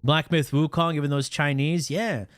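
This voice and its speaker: A man livestreaming and reacting in a casual chat, animated and profane, with his pitch swinging up and down. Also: normal speed, no echo, studio quality.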